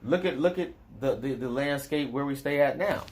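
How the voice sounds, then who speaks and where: A man speaking in a relaxed, rambling vlog monologue. He talks straight to the listener in a voice of ordinary pitch. He drifts from point to point and chuckles between them. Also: moderate pace. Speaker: vlogger.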